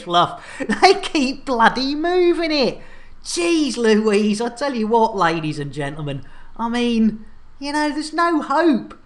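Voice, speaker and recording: A woman chatting casually to her viewers on a live game stream, animated and chatty with lots of fillers. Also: fairly high pitch. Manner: animated, chatty, full of fillers and thank-yous.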